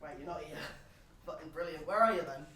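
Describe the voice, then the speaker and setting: A man's voice: high voice, animated, moderate pace, very noisy. A young man with a Geordie accent acting a brash, crude pub regular in a one-man live stage show, rambling and swearing as he banters cheekily with the audience. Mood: annoyed. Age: young adult. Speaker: stage actor. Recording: roomy stage sound from far off with audience. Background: audience laughing.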